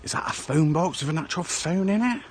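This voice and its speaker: During a casual walking vlog through a small outdoor town, a man chatters in a rambling way, tagging his remarks with "eh?" His voice runs on the high side, animated and fairly quick.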